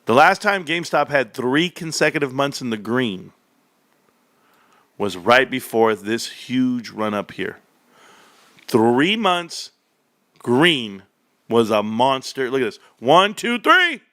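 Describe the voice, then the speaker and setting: A man hosting casual stock market commentary, animated and joking, calling his viewers bro. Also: medium pitch, slow pace, long pauses, no room sound. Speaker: stock market video host.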